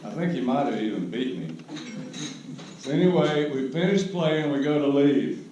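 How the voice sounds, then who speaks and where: An older man giving a humorous storytelling speech at a roast, with wry, unhurried comic timing. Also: on the high side, lively intonation, dark tone, lo-fi sound. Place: large banquet hall. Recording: echoey hall recorded from a distance with background noise.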